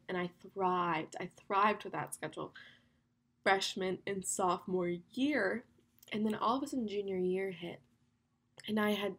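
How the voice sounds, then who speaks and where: A woman's voice: mid-range voice, husky. A young woman hosting a podcast on her own, talking casually and candidly with lots of fillers. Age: young adult. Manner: chatty, candid, fast with lots of "like". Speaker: podcast host. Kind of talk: casual solo podcast talk.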